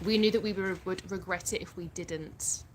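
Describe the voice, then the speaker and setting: Hosting a relaxed livestream at home, this woman reads out viewer comments and chats through them at a moderate pace. Her voice sits on the low side with fairly even intonation, and the clear recording carries background noise and clicks.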